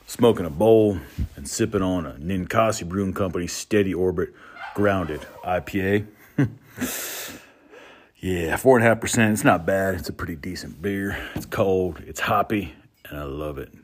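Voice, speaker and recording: Low-voiced man, from North Idaho, folksy drawl, comedic rant in his workshop shed. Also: moderate pace. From North Idaho, USA. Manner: folksy, drawling, chuckles between lines. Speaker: comedic monologuist.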